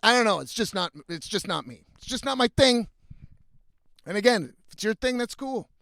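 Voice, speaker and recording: Profane high-voiced man ranting. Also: expressive, moderate pace, gravelly, pushed and bright, no echo, studio quality. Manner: profane, blunt, frequently exasperated. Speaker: vlogger. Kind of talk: casual storytelling rant.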